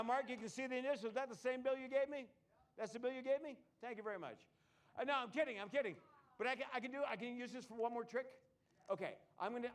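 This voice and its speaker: A man with a high, light voice doing live comedy magic in a showroom. He keeps up a stream of quick jokes and banter with the audience. He talks the crowd through each trick as he performs it. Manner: joking patter with the audience.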